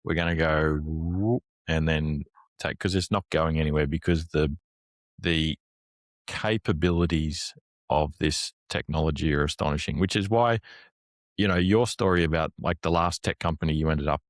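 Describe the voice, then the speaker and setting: A man's voice: rumbling low, moderate pace, no room sound, studio quality. A man who is a guest on a business chat, laying out his points analytically in long lists that build up.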